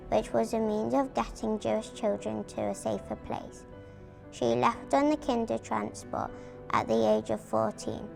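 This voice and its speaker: A woman reading a prepared family account aloud at a memorial event, steady and careful. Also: on the high side, vocal fry. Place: community arts venue.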